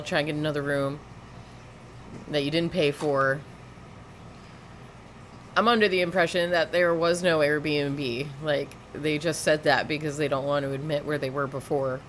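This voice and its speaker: A woman's voice: low voice, a little hiss or hum. A woman giving sarcastic, lecturing reaction commentary over police footage.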